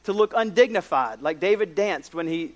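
A man's voice: sits high, moderate pace. A man in his forties preaching a sermon, telling stories with jokes and side notes. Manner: lively storytelling with jokes and asides. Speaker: pastor.

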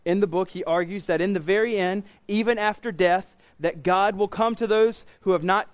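A man's voice: high voice, moderate pace. A man preaching a sermon as pastor, earnest and emphatic, repeating key phrases for weight.

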